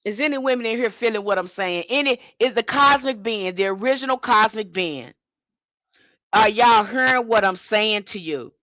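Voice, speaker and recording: Fiery, forceful woman preaching. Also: fairly high pitch, expressive, normal speed, no room sound, highs cut off. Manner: fiery, confrontational, repetitive. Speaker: spiritual teacher. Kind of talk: impassioned livestream sermon.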